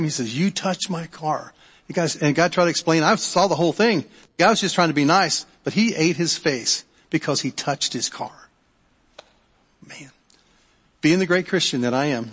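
Preaching a sermon in a church sanctuary, a middle-aged male pastor speaks in a slightly high, breathy voice with a conversational manner. He often repeats words, restarts his sentences, and checks in with the congregation by asking them questions. A long hall reverb surrounds the recording.

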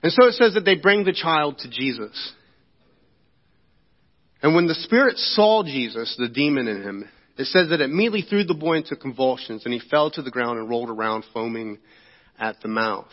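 A man's voice: medium pitch, expressive, normal speed. A man preaching a sermon as pastor, talking in a conversational way and often checking in with the congregation. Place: church sanctuary. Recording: echoey church hall, dull lo-fi sound.

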